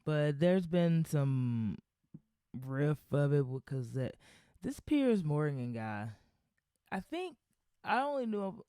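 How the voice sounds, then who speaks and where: Podcast host, casual solo rant, blunt and profane, mellow tone, dry close sound. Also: medium pitch, dry recording. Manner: rambling with frequent fillers and trailing restarts.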